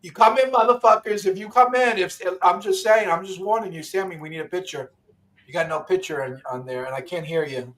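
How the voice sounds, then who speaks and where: A man with a New York accent hosts a casual livestream chat. His voice sits notably high for a man, and he talks in a brash, profane, repetitive way. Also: fairly quick, far from the mic. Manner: brash, loud and repetitive, swearing often. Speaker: livestream host.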